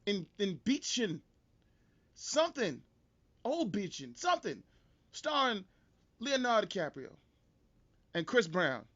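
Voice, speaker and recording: A male podcast host on an animated, profane and joking comedic rant. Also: high voice, unhurried, pauses often, dull audio.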